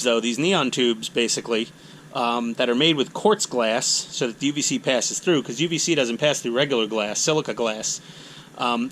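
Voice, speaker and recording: A man's voice: mid-range voice, fairly bright tone, a little hiss or hum. A middle-aged man, hosting a hobby channel in casual, rambling, self-mocking talk. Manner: chatty, self-mocking, acts out voices in anecdotes.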